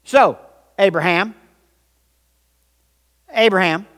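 A man's voice: sits high, slow pace, fairly bright tone. A man pastor preaching a sermon emphatically, repeating phrases and leading the congregation in call-and-response in a large auditorium. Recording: long reverb of a large auditorium.

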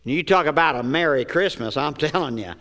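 A man's voice: a little high, animated, brisk, fairly bright tone. A male pastor preaching a sermon in a church sanctuary. He calls out questions for the congregation to answer and slips in joking asides. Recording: long church hall reverb.

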